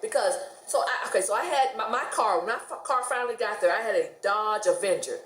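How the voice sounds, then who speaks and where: A woman's voice: medium pitch, fairly quick, echoey room. A middle-aged woman from the United States telling stories casually to camera, chatty and laughing often. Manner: chatty, laughs often, animated quoted voices. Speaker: vlogger.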